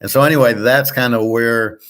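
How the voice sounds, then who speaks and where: A man's voice: mid-range voice, steady tone, normal speed, fairly bright tone. A man hosting a show in a casual, rambling monologue, blunt and profane, often restarting his sentences. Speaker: show host.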